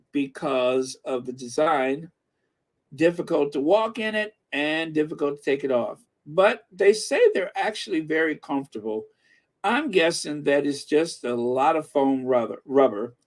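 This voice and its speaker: Slow, chatty middle-aged man. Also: on the high side. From American Midwest. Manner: chatty, laughs often, reads comments aloud with frequent fillers. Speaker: host reading live chat. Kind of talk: casual livestream chat.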